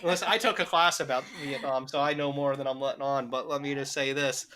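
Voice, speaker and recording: Bright-voiced rambling joking man. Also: mid-range voice, fairly even intonation, brisk. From United States. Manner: crude, rambling, lots of swearing and laughing. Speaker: podcast co-host. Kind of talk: casual comedic chat.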